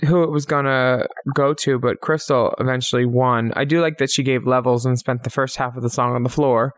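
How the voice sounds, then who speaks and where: A man co-hosting a podcast in casual chat, chatty and quick with asides. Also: medium pitch, steady tone, dry recording, studio quality. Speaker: podcast co-host.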